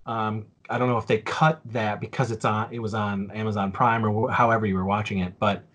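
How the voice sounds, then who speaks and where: A man's voice: fairly low pitch, little pitch movement, a little fast, a bit bright. A man in his forties on a casual podcast, telling a story with lots of fillers and restarts. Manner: rambling, with many fillers and restarts.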